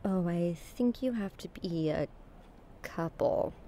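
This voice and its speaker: A woman's voice: lowish voice, slow, mellow. An actress playing an upbeat, teasing young woman.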